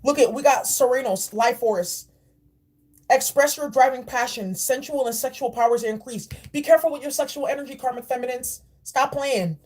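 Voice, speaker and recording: A woman's voice: sits high, normal speed, darkish tone. A woman giving a spiritual oracle card reading in a blunt, preachy and profane way. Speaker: spiritual reader.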